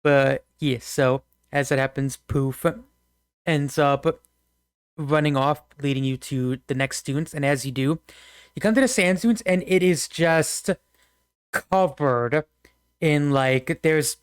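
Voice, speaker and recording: A man's voice: fairly high pitch, slow, smooth, dry recording, studio quality. A man narrating a tabletop game as game master, rambling and laughing often.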